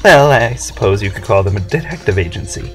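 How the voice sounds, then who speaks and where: A man voicing a nervous, whiny young female reporter in a high, fretful voice. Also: lively intonation, fairly quick, a bit bright, soft background music.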